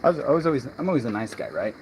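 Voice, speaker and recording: A man's voice: mid-range voice, very animated, very fast, darkish tone, slight background noise, low-quality recording. A man working as a real estate agent, chatting and rambling to himself in a casual livestream while going door to door outdoors, recorded on a mobile phone. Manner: chatty, rambling, talks to himself between doors. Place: outdoors on residential streets.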